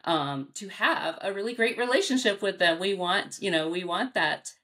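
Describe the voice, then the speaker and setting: At a moderate pace, a woman dog trainer from the United States responds to interview questions casually and animatedly. Her pitch leaps as she acts out reactions, she frequently restarts and fills pauses, and she laughs a lot.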